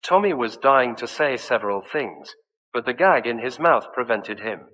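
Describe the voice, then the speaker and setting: A man narrates a classic mystery in a bright, forward voice. His reading is measured and even. A long reverb trails behind every line. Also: mid-range voice. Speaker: audiobook narrator. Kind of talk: scripted narration of a mystery story.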